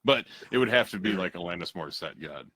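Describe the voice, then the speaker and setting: A lower-voiced man with a husky edge who swings his pitch widely as he acts out silly character lines in a comedy talk. The sound is dry and close. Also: animated, fast, pushed and bright, no room sound. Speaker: podcast co-host. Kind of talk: casual comedic storytelling.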